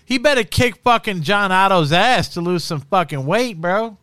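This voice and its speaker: A man's voice: high-pitched, expressive, normal speed, fairly bright tone, clean tone, no echo, clean studio sound. A man co-hosting a podcast in casual, profane chat, saying bro a lot. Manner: swears constantly, says bro a lot. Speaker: podcast co-host.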